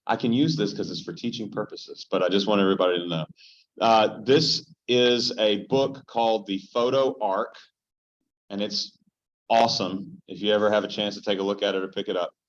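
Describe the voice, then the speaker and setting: A man teaching a Bible study as pastor, joking and animated as he tells stories and puts questions straight to the small group in front of him. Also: on the low side, normal speed. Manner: joking, animated storyteller who addresses the group directly. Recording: dull, lo-fi sound.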